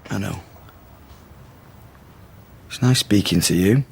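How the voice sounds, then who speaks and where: A wry, low-voiced man on a call. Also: takes it slowly, gravelly, breathy edge, heavily acted. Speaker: soap opera character. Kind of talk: TV drama acting, phone call.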